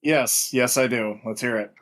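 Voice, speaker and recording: A man's voice: medium pitch, normal speed, a bit bright, faint music behind. A man co-hosting a podcast, chiming in with dry, wry remarks in casual chat. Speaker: podcast co-host.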